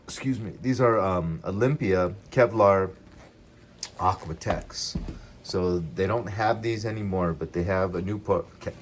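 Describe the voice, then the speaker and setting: A man's voice: deep voice, unhurried, a little hiss or hum. A middle-aged man casually reviewing gear in a vlog, rambling and drifting off on tangents.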